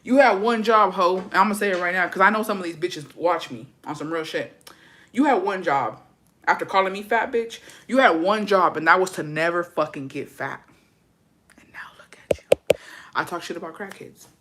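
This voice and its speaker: A woman talks straight to her viewers in a loose storytime chat. Her delivery is gossipy and animated, and she swears constantly. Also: fairly low pitch, fairly quick. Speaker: vlogger.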